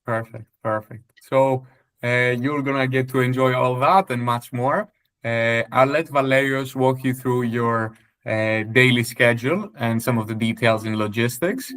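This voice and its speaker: A man's voice: medium pitch, steady tone, a bit bright, smooth. Man hosting a video call. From Greece. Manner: friendly, halting with many fillers. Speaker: local tour organizer. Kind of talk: video call welcome talk.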